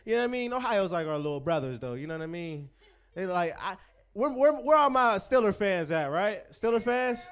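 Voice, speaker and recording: High-voiced, profane young stand-up host. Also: male voice, animated, a little fast, a bit bright, clear, resonant tone. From Pittsburgh, USA. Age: 20s. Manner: loose, profane, crowd-teasing banter. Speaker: comedy show host. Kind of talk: stand-up comedy hosting.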